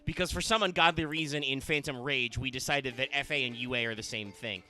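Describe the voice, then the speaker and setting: Bright-voiced man hosting a gaming podcast. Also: medium pitch, fairly quick. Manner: joking, mock-insulting banter. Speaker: podcast host. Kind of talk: casual gaming podcast chat. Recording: music playing behind.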